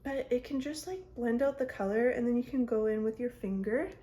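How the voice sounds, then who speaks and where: This young woman's voice is on the high side and warm in tone, and she talks a little fast. Filming on her phone at home by a mirror, she chats through a makeup tutorial, rambling and interrupting herself.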